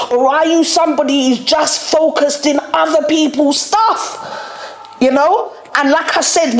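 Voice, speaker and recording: A woman's voice: sits high, roomy sound. A woman hosting a podcast, ranting candidly in slang and laughing often. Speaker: podcast host. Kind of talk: casual solo rant.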